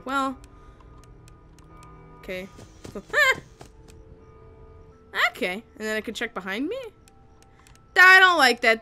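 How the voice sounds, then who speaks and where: A woman's voice: high voice, bright, forceful tone. A woman hosting a horror game let's play, jumpy and giggly, shrieking at scares and joking about herself. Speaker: gaming video host. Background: game music and horror sounds.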